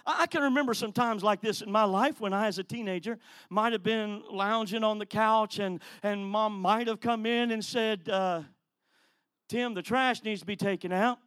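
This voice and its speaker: A male evangelist preaches with a very high voice for a man, telling stories with drama and building to loud, forceful declarations. The sound is dry and close, with little room around it. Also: fairly even intonation, normal speed, clear, resonant tone, no room sound. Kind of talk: sermon.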